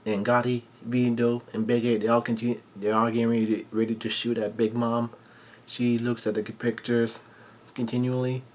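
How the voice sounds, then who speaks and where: A man casually recapping a manga chapter, halting often with fillers and restarts, and blunt enough to swear when something surprises him. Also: mid-range voice, flat delivery, a little mellow.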